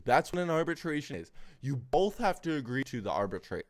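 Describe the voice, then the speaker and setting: A man with a slightly high voice and big pitch swings rants briskly on stream as he reacts to a clip. He's angry, swears heavily, and talks over the clip while breaking it down.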